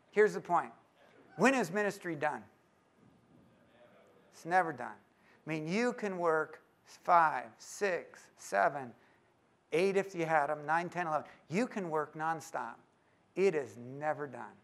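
An animated man speaking to a live congregation, acting out the people in his story as he goes. His voice sits high for a man. He speaks as a pastor. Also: measured pace. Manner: animated storyteller, acts out both sides of a phone call. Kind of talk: sermon storytelling to a live audience.

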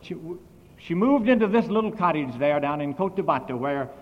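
Guy preaching in a big echoey hall, animated story, muffled old tape. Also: normal speed. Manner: animated, big swings in volume and pitch. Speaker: missionary preacher. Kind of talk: sermon storytelling.

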